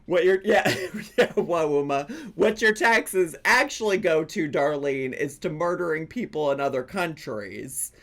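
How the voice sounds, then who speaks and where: A man commenting slowly on a clip he is reacting to, his voice rising and falling widely. He mocks what he hears and breaks into laughter often. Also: on the high side, expressive, fairly bright tone. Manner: mocking, laughs often between remarks. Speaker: reaction video host.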